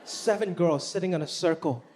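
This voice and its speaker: A male stand-up comedian performing live on stage, with a punchy, animated delivery full of voice impressions. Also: a little high, moderate pace. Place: stage in front of a live audience. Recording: noisy live stand-up recording.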